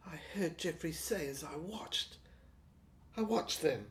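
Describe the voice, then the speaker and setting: Slow, dreamy woman narrating a story. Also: low-pitched, lively intonation. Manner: dreamy, wandering, halting delivery. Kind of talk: first-person audio novel reading.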